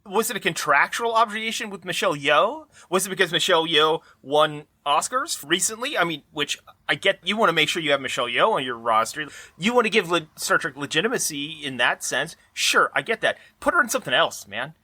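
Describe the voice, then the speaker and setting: A podcast co-host man ranting in casual chat, his pitch leaping around as he fires off incredulous questions. His tone is bright and edged. The sound is close and dry, with no room around it. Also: a little fast, few pauses, slightly rough, no echo. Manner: incredulous, animated rants with rhetorical questions.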